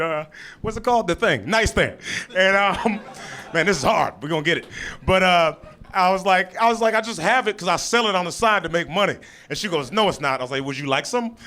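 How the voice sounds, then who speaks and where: A man's voice: fairly high pitch, pushed and bright. A man doing improvised stand-up on a comedy club stage. He tells a rambling, stop-start story and keeps laughing at his own lines. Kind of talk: improvised stand-up from audience suggestions.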